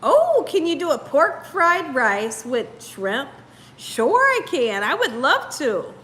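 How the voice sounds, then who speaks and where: A woman's voice: high voice, wildly swooping pitch, slow, fairly bright tone. A woman hosting a live cooking stream, chatting casually with viewers, laughing often and sounding tired. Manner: giggly, laughs often while reading comments. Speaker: cooking show host.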